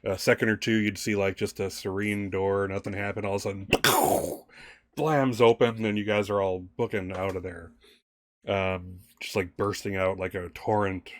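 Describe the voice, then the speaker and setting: A man's voice: fairly low pitch, little pitch movement, normal speed, dry recording, clean studio sound. A man narrating as game master of a tabletop game, rambling with many fillers and restarts.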